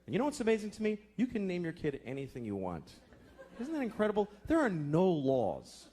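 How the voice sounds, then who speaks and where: A man's voice: sits high, wildly swooping pitch, a little fast, mellow. A man in his thirties doing a profane, exasperated stand-up routine, acting out voices. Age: 30s. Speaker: stand-up comedian. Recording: noisy live club recording.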